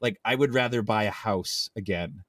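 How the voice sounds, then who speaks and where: Lower-voiced man telling a rambling story. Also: moderate pace, dry recording, clean studio sound. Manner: rambling, self-interrupting anecdote. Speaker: podcast co-host. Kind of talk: casual storytelling.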